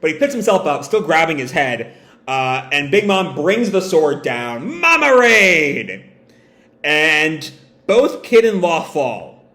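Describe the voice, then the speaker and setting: A man's voice: on the high side, very animated, takes it slowly, bright, forceful tone. A man reads comics aloud in a casual, musing way, breaking off for his own asides. His voice rises and falls a lot. The room he is in echoes noticeably. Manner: musing, lots of fillers and asides. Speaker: manga reader. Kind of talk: casual read-aloud with commentary.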